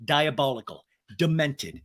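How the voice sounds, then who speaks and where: A man's voice: on the high side, lively intonation, measured pace, a bit bright. A man impersonating a scornful young woman who delivers cutting insults.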